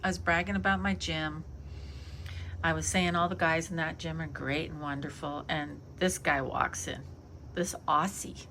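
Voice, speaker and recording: A woman, middle-aged, chatting casually to her cat and retelling a quarrel in lively quoted back-and-forth. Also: low-pitched, normal speed, a little hiss or hum. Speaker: vlogger talking to her cat. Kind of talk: casual storytelling to a pet.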